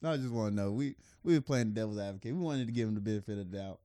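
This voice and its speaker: A man's voice: fairly low pitch, very fast, warm tone, no echo, studio quality. A man co-hosting a podcast in casual chat, swearing freely, laughing often and restarting his sentences. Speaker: podcast co-host.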